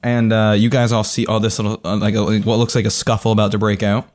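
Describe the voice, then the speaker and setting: A man's voice: fairly low pitch, little pitch movement, fast, darkish tone. A man narrating as game master of a tabletop game, rambling with many fillers.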